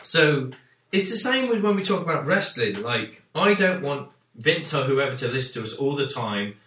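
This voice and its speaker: A man's voice: mid-range voice, sing-song, normal speed, pushed and bright, recorded from a distance. A man co-hosting a casual podcast, asking questions and stumbling over the starts of his sentences. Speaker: podcast co-host. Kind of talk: casual film review chat. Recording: echoey room, away from the mic.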